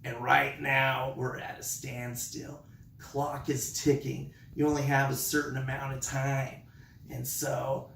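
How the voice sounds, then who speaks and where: Gravelly, animated male storyteller. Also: medium pitch, echoey room, far from the mic, slight background noise. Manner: animated, acts out his classroom voice. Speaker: online English teacher. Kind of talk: casual storytelling vlog.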